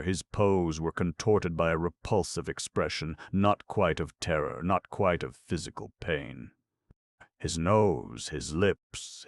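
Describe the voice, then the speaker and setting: A male audiobook narrator with an extremely low, gravelly voice reads classic fiction in a measured, literary manner. The recording is dry and close, with no room around it. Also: no echo. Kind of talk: scripted narration.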